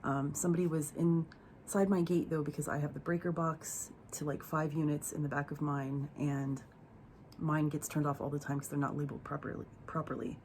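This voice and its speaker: A young woman with a low-pitched voice recounts a painful family story straight to camera. She talks in a raw, unfiltered way, swearing often and circling back with fillers. A faint hiss sits under her voice. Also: level tone, normal speed, darkish tone. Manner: profane, raw and emotional, rambling with fillers. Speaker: vlogger telling a personal story. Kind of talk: candid storytime monologue.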